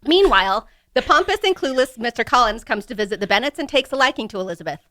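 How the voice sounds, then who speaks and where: A woman's voice: on the high side, animated, fast talker, a bit bright, dry recording, clean studio sound. A woman co-hosting a casual podcast chat, playful and jokey as she sums up a book. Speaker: podcast co-host.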